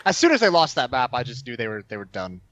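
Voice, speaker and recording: A man's voice: medium pitch, wildly swooping pitch, quick pace, a bit bright, slight background noise. A young man who works as an esports commentator and analyst, chatting on a podcast in an upbeat way and laughing often. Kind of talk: casual podcast chat.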